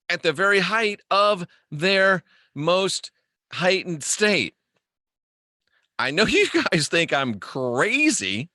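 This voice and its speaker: A man's voice: on the high side, pushed and bright, dry recording, studio quality. A man hosting a casual livestream monologue, rambling and joking as he answers viewer comments. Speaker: host.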